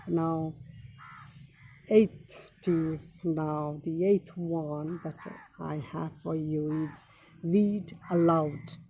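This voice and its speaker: Slow, gravelly low-voiced woman teacher. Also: mellow, slight background noise. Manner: deliberate, repeats key phrases, many "now" openers. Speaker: English teacher. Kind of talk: instructional talk giving study tips.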